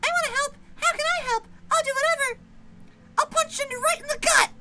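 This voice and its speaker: A streamer voicing a tiny, squeaky, aggressive female maggot who wants to fight everyone, with a shrill, shouty manner. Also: a little fast, a little hiss or hum, full character voice. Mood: feisty. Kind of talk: game dialogue voiced by streamer.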